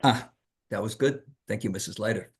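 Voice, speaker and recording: A male rabbi giving a Torah lecture, animated and emphatic, asking rhetorical questions and sprinkling in Hebrew terms. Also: lowish voice, a little fast, breathy edge.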